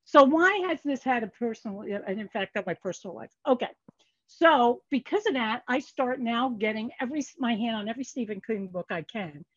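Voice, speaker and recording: An older woman, a guest economist on a casual podcast interview, tells stories and animatedly acts out the dialogue she quotes. Her voice sits on the high side and moves fairly quickly. The recording is dry, with a muffled lo-fi sound.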